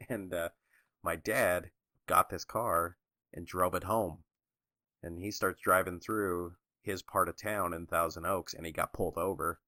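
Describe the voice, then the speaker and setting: A man's voice: deep voice, fairly even intonation, measured pace, sharp tone, no echo, studio quality. A man co-hosting a podcast, telling a story in a laid-back way with many fillers and chuckles. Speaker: podcast co-host. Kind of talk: casual chat.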